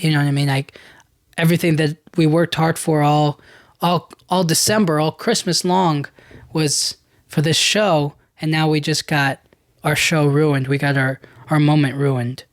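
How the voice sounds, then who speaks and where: A man's voice: fairly high pitch, moderate pace, no echo. Rambling young man, dry close sound. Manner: rambling recap full of "like" and "you know". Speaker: podcast host. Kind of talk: casual chat.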